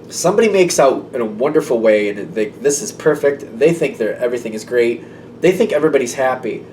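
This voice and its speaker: A man gives a casual tarot reading, talking loosely and by feel, with lots of "like" and "um". His pitch sits in a middle range. He is set back a little from the mic, with a faint low rumble behind him. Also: darkish tone, recorded from a distance. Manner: rambling and intuitive, full of "like" and "um". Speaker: tarot reader.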